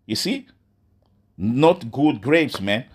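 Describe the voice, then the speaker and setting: A man's voice: medium pitch, animated, husky. Man preaching casually, "man" after every line. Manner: ends nearly every phrase with "man", restarts often, reads verses slowly. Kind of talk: informal sermon with scripture reading.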